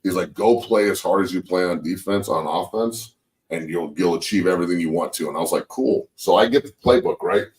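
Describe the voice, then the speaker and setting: A man in his forties hosting a casual sports talk show, telling profane, animated football stories and acting out quotes. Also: low voice, brisk, far from the mic, rough recording. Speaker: show host, former NFL lineman turned coach.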